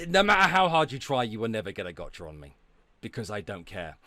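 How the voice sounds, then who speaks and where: A man's voice: fairly low pitch, sing-song, brisk, bright, forceful tone, no room sound. A man streaming, ranting and talking back to his chat, sweary and sarcastic. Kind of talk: ranting livestream commentary.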